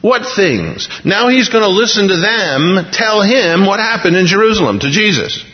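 A man preaching a sermon, retelling scripture in a lively, jokey way and acting out the dialogue in little voices. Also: high voice, moderate pace. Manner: animated, jokey, voices the characters in scenes. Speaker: pastor. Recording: dull sound with long hall reverb.

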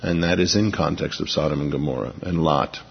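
A pastor preaches emphatically to a large congregation in a big church auditorium, dramatizing the scripture he reads. His voice is rumbling low, gravelly, and husky, and a little fast. The recording of the hall sounds dull and echoey.

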